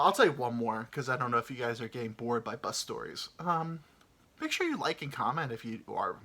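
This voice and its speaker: A man's voice: medium pitch, sharp tone, breathy edge. A man hosting a podcast, telling a comic story in a rambling, profane way with lots of fillers. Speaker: podcast host. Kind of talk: casual comedic storytelling.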